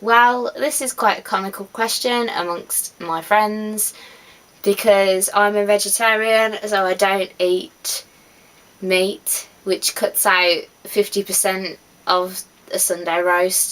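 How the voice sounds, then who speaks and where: A woman's voice: medium pitch, steady tone, unhurried, fairly bright tone, low-quality recording. A woman, chatting casually to camera with easy laughs and trailing asides. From West Midlands, England. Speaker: vlogger.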